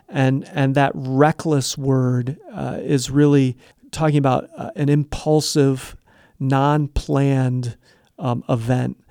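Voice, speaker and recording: A man's voice: mid-range voice, gravelly, darkish tone, no echo, clean studio sound. A middle-aged man giving Christian advice, explaining step by step in an earnest conversational way and acting out short bits of dialogue. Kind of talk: conversational teaching.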